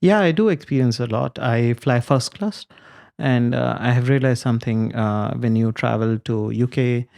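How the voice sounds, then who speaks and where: A man who is a comedian, a guest on a podcast, talking in a measured way with frequent pauses. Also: medium pitch, gravelly, a little mellow. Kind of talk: casual chat.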